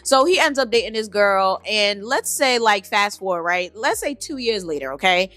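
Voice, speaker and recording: A woman's voice: medium pitch, expressive, normal speed, fairly bright tone, no room sound. A young woman vlogger telling a storytime, blunt and profane, acting out the people she quotes. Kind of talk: storytime vlog.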